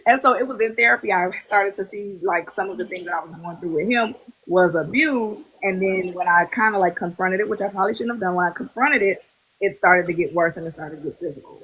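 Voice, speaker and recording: Animated woman hosting a chat. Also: medium pitch, fairly quick, breathy edge. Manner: animated storytelling, acts out quotes. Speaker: podcast host. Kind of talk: casual chat. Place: livestream on a social app.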